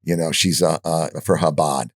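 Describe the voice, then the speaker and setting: A man in his sixties, a podcast guest, telling animated stories with many restarts and a bit of swearing. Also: extremely low pitch, moderate pace, no echo, studio quality. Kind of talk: anecdotal storytelling in an interview.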